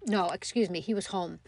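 A middle-aged woman telling a personal story in a reflective, halting way, with many pauses and fillers. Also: mid-range voice, darkish tone, no room sound. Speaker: mother telling her story.

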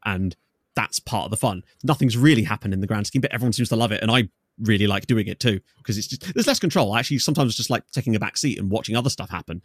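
A man's voice: fairly low pitch, expressive, quick pace, husky, no echo, studio quality. A man talking as a podcast guest, explaining his game ideas in long, enthusiastic, rambling stretches. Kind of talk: casual podcast chat.

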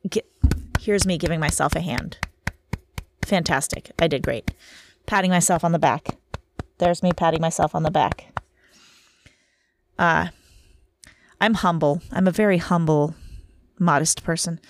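Chatty, low-voiced woman podcaster. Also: measured pace, long pauses, background noise. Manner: self-deprecating, chatty, rambling. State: tired from lack of sleep. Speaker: podcast host. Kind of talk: casual solo podcast monologue.

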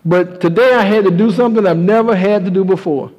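A worn-out, tearful mother pleads in prayer, stammering and hushed, her voice pitched well below the preacher's usual ring, as a man puts her on. Long hall reverb trails every halting phrase. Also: smooth, dull audio, lightly acted. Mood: tearful pleading. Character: poor praying mother, weary and tearful.

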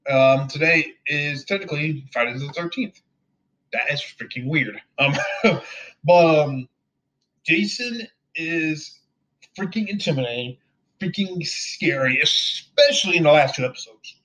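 A man's voice: a little high, animated, unhurried, sharp tone. A man giving a casual, rambling anime review, heartfelt and full of repeated words. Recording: dull lo-fi recording.

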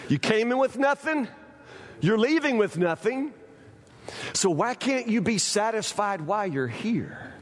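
A pastor delivers a sermon in a folksy, conversational manner, circling back on phrases. His voice sits high for a man. The sound carries the long reverb of a large hall. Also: lively intonation, measured pace. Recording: echoey hall.

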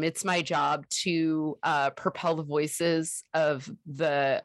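A woman in her forties with a low voice, talking in an animated, sarcastic way. She often stumbles and restarts mid-thought. The sound is dry and close-miked. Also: no echo. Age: 40s. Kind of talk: casual podcast chat.

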